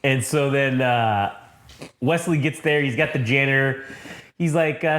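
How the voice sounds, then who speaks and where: A man's voice: medium pitch, a little slow, a bit bright. A man co-hosting a comic book podcast, casually retelling scenes with lots of swearing and acting out the characters' lines in shifting voices. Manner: profane, acts out quoted characters in shifting voices. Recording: roomy echo.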